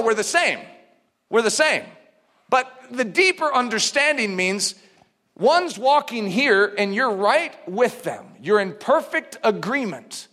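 Male preacher, animated and emphatic, sharp bright tone, long hall reverb. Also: sits high. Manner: animated, emphatic, conversational teaching. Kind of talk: sermon.

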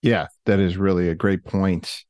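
A man's voice: low-pitched, steady tone, moderate pace, darkish tone, dry recording, studio quality. A man hosting an interview, asking questions and reacting with encouragement. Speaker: podcast host.

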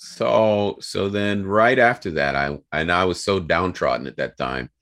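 A young American man telling a work story in a casual, animated way, acting out the people he quotes. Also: low-pitched, measured pace. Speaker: guest.

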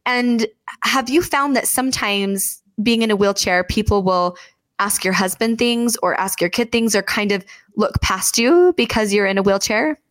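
A woman hosting an interview podcast, chatting effusively and acting out remembered quotes in lively voices. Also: mid-range voice, moderate pace. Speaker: podcast host. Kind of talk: conversational interview.

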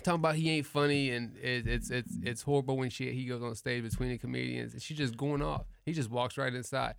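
Animated storytelling comedian, dry sound. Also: male voice, medium pitch, brisk, creaky, smooth, no echo. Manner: animated, slangy, profane storyteller. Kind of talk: casual storytelling chat.

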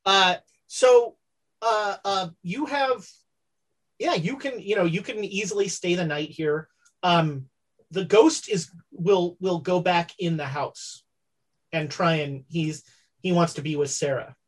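A woman narrating as game master of a tabletop role-playing game, halting and full of fillers. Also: lowish voice.

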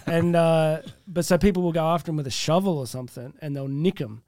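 An Australian man, a podcast guest, with a slightly raised pitch. He tells stories and explains slang in a lively, repeating way, recorded dry and close. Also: fairly quick, no echo. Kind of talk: casual chat.

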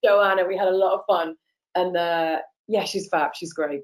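A woman's voice: lowish voice, steady tone, moderate pace, low-quality recording. A woman, an actress guest chatting enthusiastically in an interview. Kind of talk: casual interview chat.

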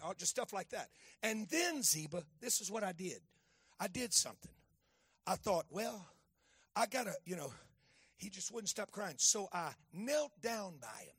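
A man in his fifties preaching a storytelling sermon, talking to a child beside him and repeating phrases as he builds to shouting. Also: high voice, big pitch swings, normal speed, husky, no room sound, clean studio sound.

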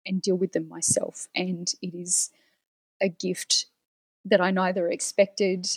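A woman's voice: lowish voice, flat delivery, slow, husky, dry recording, poor audio. Woman, podcast guest, teary, heartfelt and rambling, dry close sound. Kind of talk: casual podcast chat.

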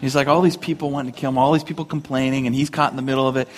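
A man delivers a sermon from the pulpit in a relaxed, conversational tone. His voice sits in a middle range. He brings the story to life by acting out the characters in animated voices. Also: mid-range voice, racing. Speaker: pastor.

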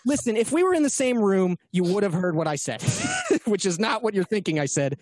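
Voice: mid-range voice, big pitch swings, fairly quick, darkish tone, no room sound. A game master running a tabletop role-playing game over an online call, rambling, interrupting themselves and laughing often. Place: remote call.

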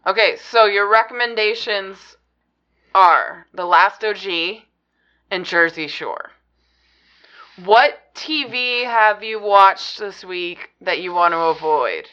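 Slow, dry, sarcastic woman co-host. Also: medium pitch, sharp tone, highs cut off. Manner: dry, sarcastic, eye-rolling. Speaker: podcast co-host. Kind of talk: casual banter.

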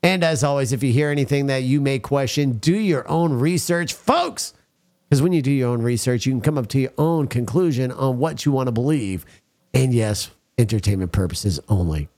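A man's voice: medium pitch, animated, moderate pace, darkish tone. A man hosting a talk show, ranting bluntly and crudely and often calling out to his listeners as folks. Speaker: podcast host. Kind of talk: casual talk show banter and rant.

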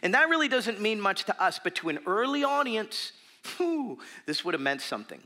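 A man in his thirties preaching a sermon in a church, telling a story with lively fillers and turning softer and earnest. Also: sits high, moderate pace. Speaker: pastor.

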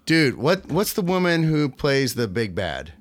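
A man's voice: mid-range voice, big pitch swings, unhurried. A man in a casual movie chat, enthusing about shows and asking questions.

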